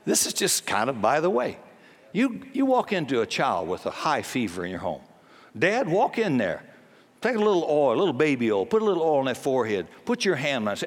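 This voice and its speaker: A man preaches with blunt force, mixing jokes with sudden commands. His voice sits at an ordinary male pitch. It carries a long reverb from a large church hall. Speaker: pastor. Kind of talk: sermon.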